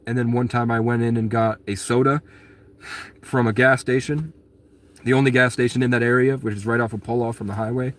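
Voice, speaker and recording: A man at a medium pitch talking straight to his viewers in a loose, rambling monologue. He sounds aggrieved, keeps restarting his sentences and swears bluntly. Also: fairly even intonation, brisk. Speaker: vlogger answering viewer questions. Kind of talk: casual storytelling monologue.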